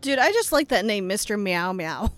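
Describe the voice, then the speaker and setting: A woman's voice: mid-range voice, sing-song, normal speed, a bit bright, dry recording. A woman co-hosting a podcast who chats casually, jokes and asks questions. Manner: joking, chatty, asks questions. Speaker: podcast co-host. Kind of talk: casual chat.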